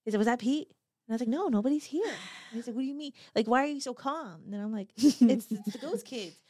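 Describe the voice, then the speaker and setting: A young woman on a podcast, relaxed and matter-of-fact, retelling a ghost story with quoted dialogue. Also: a little high, fast, slightly rough, no echo. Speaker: podcast co-host. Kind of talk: casual storytelling chat.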